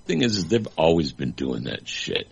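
A gruff man on a talk panel with a very deep, gravelly voice. The tone is husky. The recording sounds muffled. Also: very animated, normal speed, darkish tone.

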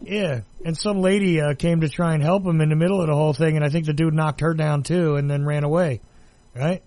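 A talk-show host with a fairly high voice. He moves the panel along in a relaxed, chatty way. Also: fairly quick, dry recording.

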